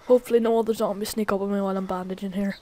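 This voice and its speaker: A woman's voice: medium pitch, fairly even intonation, rapid-fire, dark tone. A woman casually commenting on her own gameplay as a gaming channel host, chatty and easily startled. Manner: jumpy, swears when startled, chatty. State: recently sick.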